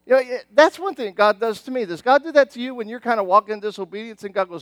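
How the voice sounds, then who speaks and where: A middle-aged man preaching a sermon as pastor, animated and conversational, often restarting his sentences. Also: very high-pitched, fast, few pauses, no room sound.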